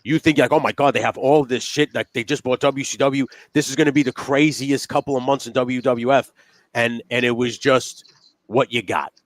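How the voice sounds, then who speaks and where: A man's voice: medium pitch, steady tone, moderate pace, dry recording. A man co-hosting a wrestling podcast, ranting in a heated and profane way. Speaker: podcast co-host. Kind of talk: casual wrestling chat.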